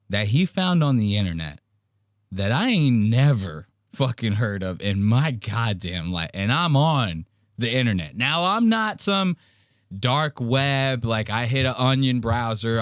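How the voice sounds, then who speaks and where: A man's voice: mid-range voice, no echo, studio quality. Profane mocking male podcast host. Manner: profane, mocking, mimics others mid-story. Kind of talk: crude comedic podcast commentary.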